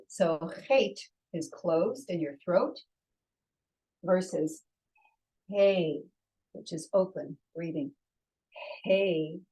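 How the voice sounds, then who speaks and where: A woman's voice: on the low side, darkish tone, poor audio. A woman teaching a lesson, patiently walking through how to write each letter stroke by stroke. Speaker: Hebrew teacher. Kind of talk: step-by-step lesson on writing letters.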